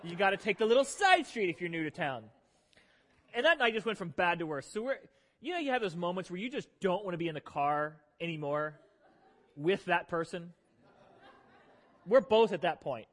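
A man preaching a sermon, telling a funny story about himself in an animated, self-deprecating way to his church congregation. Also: high voice, normal speed, pauses often, some chatter behind. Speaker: pastor. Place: church sanctuary. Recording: long reverb of a large hall.

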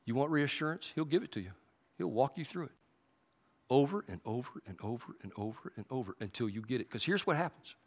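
A man's voice: medium pitch, lively intonation. A man preaching a sermon, telling a story animatedly and acting out the voices. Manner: drops to a hushed, slow prayer. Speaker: pastor.

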